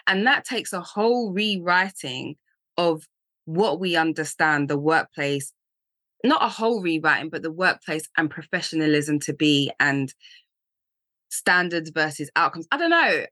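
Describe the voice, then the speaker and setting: A woman co-hosting a podcast, talking in a thoughtful, animated, casual way. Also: low voice, measured pace, no echo. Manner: thoughtful, animated, laughs easily. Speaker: podcast co-host. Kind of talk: casual chat.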